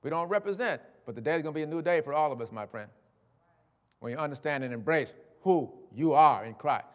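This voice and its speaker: High-voiced preacher with hall reverb. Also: male voice, expressive, brisk. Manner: conversational, direct address to listeners; folksy, drops low on asides. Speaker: pastor. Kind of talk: sermon.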